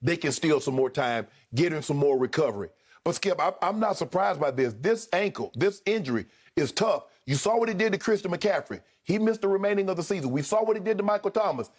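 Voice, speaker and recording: A man's voice: sits high, expressive, a little fast. A man co-hosting a sports debate show, arguing emphatically and repeating his points.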